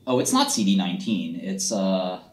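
A man's voice: deep voice, expressive, normal speed, a little hiss or hum. Blunt, sarcastic man in a roomy room. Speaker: host analyzing stocks on a livestream. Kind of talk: casual livestream commentary. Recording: roomy echo, faint keyboard typing.

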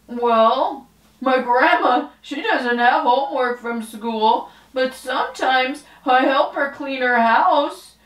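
A woman voicing an excitable young dog puppet who barks between words and is impatient to go for a car ride. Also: sits high, takes it slowly, far from the mic. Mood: chatty. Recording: roomy echo.

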